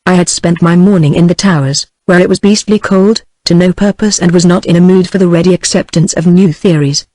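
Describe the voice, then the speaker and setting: A text-to-speech woman's voice with a British English accent, reading a novel aloud in an even, steady narration. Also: lowish voice, fairly quick, hardly any pauses, no room sound.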